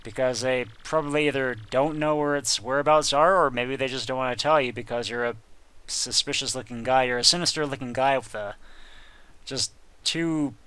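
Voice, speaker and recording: A man's voice: mid-range voice, normal speed, sharp tone, smooth, no echo. A man giving joking, sarcastic commentary while playing a video game. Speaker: let's play host. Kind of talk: gameplay commentary.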